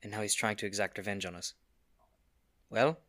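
A man playing his character in a tabletop game, rambling in an unhurried way and laughing at his own lines. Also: on the low side, fairly bright tone. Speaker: player. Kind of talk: tabletop role-play.

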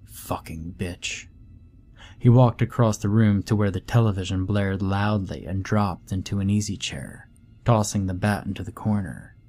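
A man reading a horror story aloud in a grave, measured way. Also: lowish voice, mellow. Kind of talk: scripted horror story narration.

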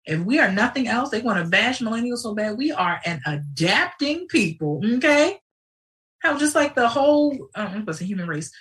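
A woman hosting a live show in casual livestream talk, animated and digressive, with sudden outbursts. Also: a little high, fairly quick, distant mic, low-quality recording.

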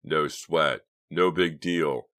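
A man's voice: a bass voice, slow, a bit bright, dry recording, studio quality, exaggerated voice. A man voicing an impatient, bossy teenage boy who talks in a curt, exasperated way.

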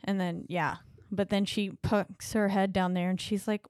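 A woman's voice: medium pitch, little pitch movement, a little slow, darkish tone, clean tone, dry recording, clean studio sound. A woman co-hosting a podcast, chiming in with plot details while casually recapping a movie. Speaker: podcast co-host.

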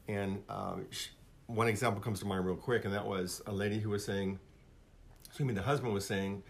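A man's voice: lowish voice, fairly even intonation, a little fast, vocal fry. A man, a marriage counselor guest, talking casually and emphatically, telling stories and affirming the others. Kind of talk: casual conversation.

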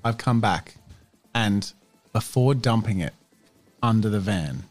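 A man playing a tabletop game, describing his character's schemes in an animated, self-amused way. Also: lowish voice, a little slow, faint music behind. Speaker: player. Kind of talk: tabletop role-play as a player.

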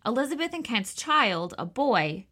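A woman's voice: on the high side, big pitch swings, measured pace, a bit bright. A woman co-hosting a history podcast, narrating in a chatty way with lots of fillers. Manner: chatty, laughs easily, filler-heavy. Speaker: podcast co-host.

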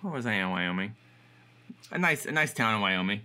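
Bright-toned guy rambling through a story on a podcast, lots of likes and ums. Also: fairly low pitch, animated, brisk, clear, resonant tone. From Los Angeles area. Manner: chatty storyteller with many fillers and restarts. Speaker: podcast co-host. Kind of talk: casual chat.

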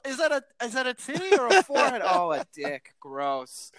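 A man's voice: huge pitch swings, normal speed, sharp tone. A man in his thirties, a comedian guest on a podcast, talking in a rowdy, profane way and throwing his voice around in quoted bits. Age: 30s. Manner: rowdy, profane, swings pitch wildly in acted quotes. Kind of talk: casual podcast chat.

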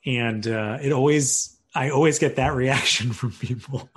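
A man's voice: medium pitch, a little slow, husky. A man chatting casually as a podcast guest, easygoing and self-deprecating, laughing often. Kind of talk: casual chat.

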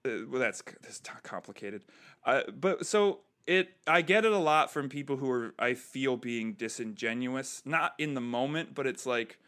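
A man from the United States, a comedian and military veteran, chatting casually on a podcast and acting out other people's lines as he tells his stories. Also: medium pitch. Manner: animated storyteller who acts out other people's lines.

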